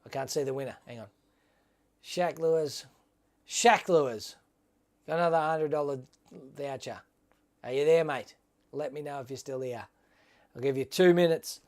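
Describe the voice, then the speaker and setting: An Australian man hosts a casual livestream giveaway, chatting upbeat with viewers and calling them mate. His fairly high, darkish voice moves at a normal speed with frequent pauses.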